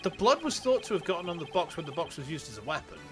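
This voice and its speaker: An earnest young defense lawyer presses his case, read by a man in his own voice. The delivery is high and animated, with game music loud in the background. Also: fast. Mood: determined. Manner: earnest dialogue reading.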